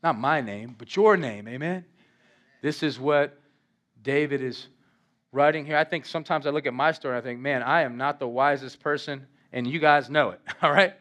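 A male pastor preaching an animated, conversational sermon in a church, acting out quotes from scripture. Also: a little high, moderate pace. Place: church in Las Vegas.

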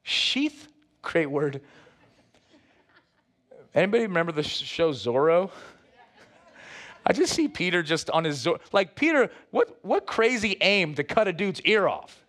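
A pastor preaching a sermon with animated delivery, playful asides and calls out to the congregation. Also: male voice, high-pitched, measured pace, long pauses.

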